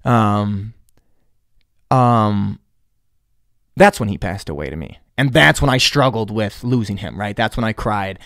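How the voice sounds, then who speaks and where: A man's voice: lowish voice, animated, unhurried, long pauses, fairly bright tone, no room sound, clean studio sound. A young adult man, a podcast host, telling a personal story in a casual, rambling way, swearing often and slipping in sarcastic asides.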